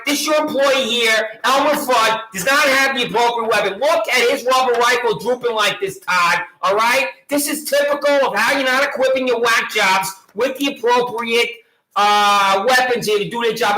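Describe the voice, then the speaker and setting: A man's voice: very high-pitched, pushed and bright, roomy sound, rough recording. A man delivering a mocking, badgering monologue at a sheriff, repeating taunting questions. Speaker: local gadfly taunting a sheriff. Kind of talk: ranting monologue addressed to a sheriff.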